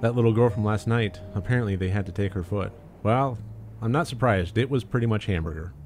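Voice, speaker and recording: A man voicing a gruff, scowling woman who speaks in curt, grumbling lines. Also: on the low side, a little fast, darkish tone, soft background music, close to an everyday voice.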